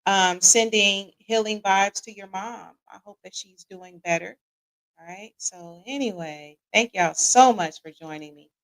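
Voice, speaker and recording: She's an American podcast host on a live relationship talk show, speaking at a measured pace in a medium, slightly bright voice. Chatty, she welcomes viewers by name, repeats "right?" as a tag, and leans on casual Southern slang like "y'all." It's a low-quality recording.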